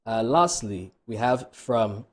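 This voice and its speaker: A Ghanaian male co-host reading viewer messages on air, steady, with dry asides. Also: medium pitch, slow.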